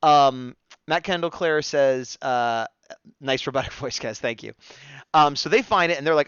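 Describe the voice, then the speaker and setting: Man, casual live-stream co-host, chatty, smooth voice, dry slightly dull audio. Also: a little high, lively intonation, brisk, fairly bright tone, no room sound. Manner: chatty, reads chat comments aloud, laughs often. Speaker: co-host of a fan discussion stream.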